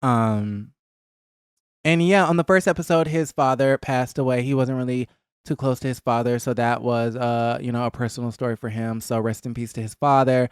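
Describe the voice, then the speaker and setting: Gossipy man, smooth and clear, on a dry, close mic. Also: fairly quick, no echo. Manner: gossipy and animated, acting out cast members in a higher voice. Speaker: reality TV recap vlogger. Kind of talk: casual chat.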